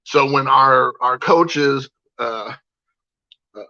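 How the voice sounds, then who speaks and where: A man talks through a personal story in a loose, casual monologue, stopping often for "uh" and restarting his sentences. His voice has a bright, forward edge, and the sound is dry and a little dull. He stays at an ordinary pitch for a man. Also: extremely slow, no echo. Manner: rambling, many fillers and restarts. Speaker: parent telling a personal story.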